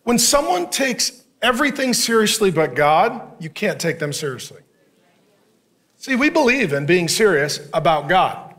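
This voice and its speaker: Male pastor, sermon delivery, high and very lively pitch, sarcastic humor. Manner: joking, sarcastic asides.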